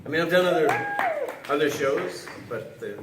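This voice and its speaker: A male actor guest at a convention panel, telling relaxed, halting anecdotes with restarts and laughs. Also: a little high, heavy background noise. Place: large convention hall panel stage. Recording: roomy hall audio taped from far off.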